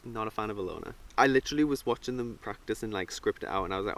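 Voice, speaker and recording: A man's voice: fairly low pitch, lively intonation, rapid-fire, creaky, fairly bright tone. A young man talking casually and animatedly in a review vlog, full of fillers. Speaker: reality show reviewer.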